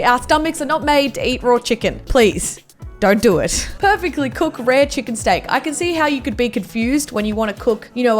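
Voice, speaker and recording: A high-voiced Australian woman gives a comedic reaction commentary. Her pitch swings widely as she exaggerates and swears casually. Faint music plays underneath. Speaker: YouTube reaction host.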